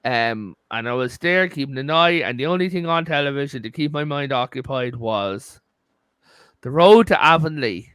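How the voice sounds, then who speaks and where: A man's voice: medium pitch, lively intonation, normal speed, fairly bright tone, clear, resonant tone, no room sound. A man hosting a casual live podcast, telling rambling stories with some swearing. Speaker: podcast host. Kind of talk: casual chat.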